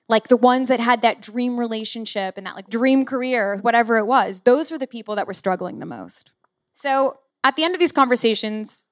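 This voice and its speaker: A woman hosting a podcast while sick and hoarse, telling a personal story openly from the stage. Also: on the high side, fairly bright tone. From United States. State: lost voice, sick. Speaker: podcast host. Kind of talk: podcast intro and live stage talk.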